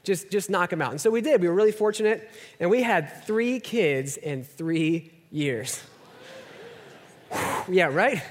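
High-voiced man preaching in a reverberant hall. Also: expressive, normal speed. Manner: conversational and self-deprecating, drops to near-whispers for emphasis. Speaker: pastor. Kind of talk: sermon.

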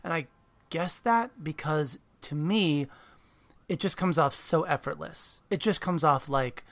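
Gravelly, halting interview host. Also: mid-range voice. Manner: warm praise, halting restarts. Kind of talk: conversational book interview.

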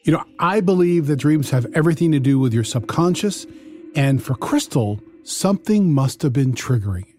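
A man's voice: fairly high pitch, lively intonation, moderate pace, a little mellow. A man hosting a true crime podcast, narrating the case and putting questions to his co-host. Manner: storytelling, posing questions to co-host.

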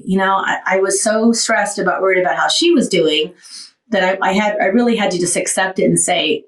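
A woman's voice: mid-range voice, fairly quick, recorded from a distance. A woman hosting a talk show, telling her recovery story candidly and animatedly, tired after surgery. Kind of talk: casual talk show chat. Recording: roomy, off-mic sound.

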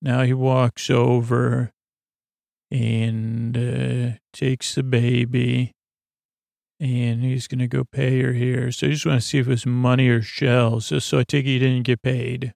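Gravelly, halting man recapping a show. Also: medium pitch, no echo, studio quality. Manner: halting, full of fillers and restarts, deadpan. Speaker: podcast host recapping an episode. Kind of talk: rambling comedic episode recap.

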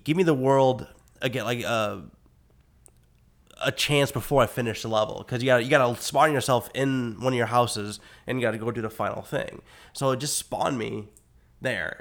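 A man chatting casually as a podcast co-host, his voice rough from being sick, rambling with lots of fillers and easy swearing. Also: medium pitch, moderate pace. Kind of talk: casual chat.

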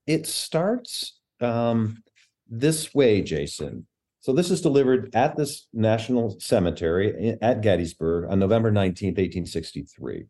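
Male host, mellow and lowish, halting questions. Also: sing-song. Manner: hesitant, many "um"s. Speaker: podcast host. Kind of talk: interviewer prompting discussion.

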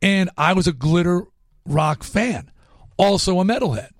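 A man being interviewed as a guest musician, telling stories in a lively way and acting out what people said. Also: sits high, unhurried, no echo. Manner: animated storyteller acting out quotes. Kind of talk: casual interview storytelling.

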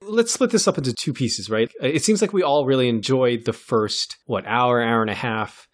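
A man's voice: mid-range voice, lively intonation, moderate pace. A man hosting a film podcast, summing up a plot in casual talk and checking in with his co-hosts. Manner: summarizing, checks in with "right?".

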